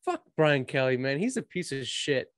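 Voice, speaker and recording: A man's voice: mid-range voice, sing-song, moderate pace, no room sound. A man co-hosting a sports show, ranting heatedly with constant swearing in casual chat. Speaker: sports podcast co-host.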